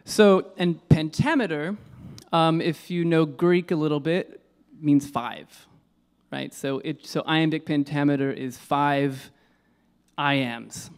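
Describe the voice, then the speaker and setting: A man's voice: on the high side, slow pace, clean tone. A man giving an informal lecture on poetry. He hesitates, corrects himself and uses many fillers.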